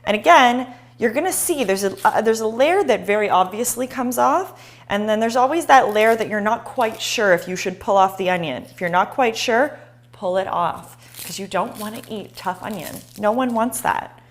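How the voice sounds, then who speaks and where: A woman's voice: fairly high pitch, expressive, normal speed. A woman hosting a live cooking show, chatting and encouraging viewers as she chops.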